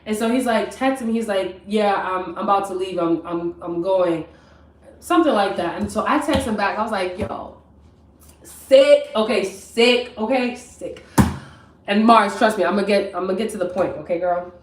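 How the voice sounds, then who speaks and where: A woman's voice: mid-range voice, fairly quick, distant mic, slight background noise. Chatty young woman in a roomy kitchen. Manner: chatty, animated, talks straight to viewers. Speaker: vlogger. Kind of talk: casual story time on a live stream. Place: home kitchen. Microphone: camera mic at a distance. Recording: roomy, from off mic.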